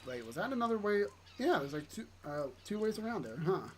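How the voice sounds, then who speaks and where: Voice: mid-range voice, very animated, brisk, darkish tone, slight background noise. A game streamer making casual, wry asides during play. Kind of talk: casual gameplay commentary.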